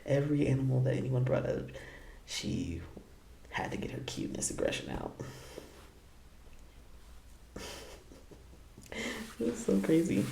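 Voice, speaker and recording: A man's voice: mid-range voice, very animated, a little slow, vocal fry, long pauses, mellow, echoey room, slight background noise. A man hosting a casual reaction video, laughing often and tossing out playful asides.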